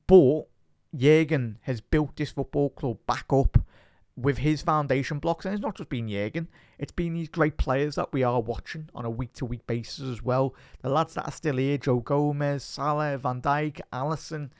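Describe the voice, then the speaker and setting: A man with a thick Scouse accent hosts a casual fan podcast in a mid-pitched voice. He rambles, restarts and repeats words, and speaks with plain passion. The sound is close and dry, with no room echo. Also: moderate pace, darkish tone. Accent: Liverpool Scouse.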